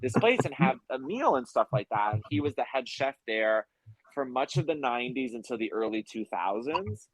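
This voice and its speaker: A man's voice: mid-range voice, lively intonation, normal speed, no room sound, low-quality recording. Young man telling a rambling story. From United States. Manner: rambling storyteller, many fillers. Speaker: guest. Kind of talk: casual chat.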